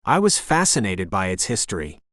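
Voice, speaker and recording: A man voicing an energetic woman in her sixties with a faint Jamaican accent, talking in a brisk, chatty way. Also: deep voice, dry recording, clean studio sound, exaggerated voice. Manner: brisk, rapid-fire and chatty.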